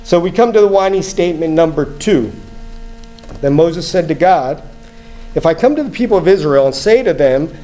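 A man's voice: on the high side, dark tone, low-quality recording. A man giving a conversational sermon, reading scripture aloud and explaining it, often checking in with the listeners. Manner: conversational, asks "right?" often, acts out inner thoughts. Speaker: preacher.

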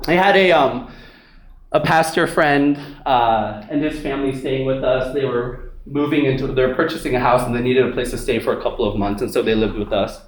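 A man giving a casual, conversational sermon, often laughing, then dropping to a soft, intimate tone. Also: mid-range voice, fairly even intonation, normal speed. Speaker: pastor. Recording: very echoey hall, from far off.

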